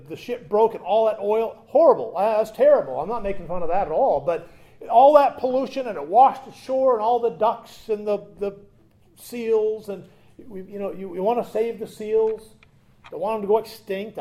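Man, pastor, sermon, high-pitched, warm tone, loud emphatic lines and quiet asides. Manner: conversational, tells humorous anecdotes.

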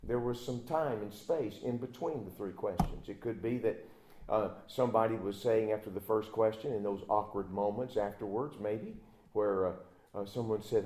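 A male pastor preaching a sermon, telling the story dramatically and swinging from loud outbursts to hushed near-whispers. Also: medium pitch, moderate pace, reverberant.

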